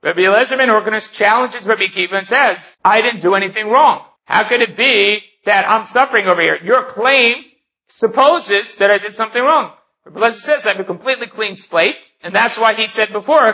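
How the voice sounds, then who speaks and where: A man teaching Talmud, reading each line of the text and then explaining it in English. His voice sits high and bright, with a gravelly edge. The recording sounds dull and lo-fi. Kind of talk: Talmud lesson.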